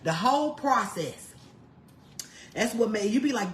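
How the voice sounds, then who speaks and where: A woman's voice: fairly high pitch, animated, a little slow, reverberant, slight background noise. A woman demonstrating home cooking, folksy and chatty, calling the viewer honey and laughing often. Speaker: home cook vlogger. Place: home kitchen.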